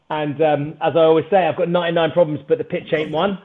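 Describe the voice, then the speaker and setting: A British man telling a story on a podcast in an energetic, animated way, swearing freely. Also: fairly high pitch, a little fast, phone-quality sound. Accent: British English. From Britain. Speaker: podcast guest, startup founder. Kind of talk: casual storytelling chat.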